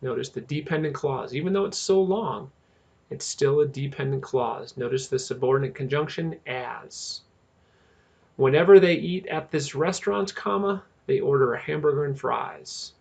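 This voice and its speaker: A male teacher narrating a grammar lesson, speaking slowly and deliberately and stressing key terms. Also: medium pitch, vocal fry, darkish tone, husky.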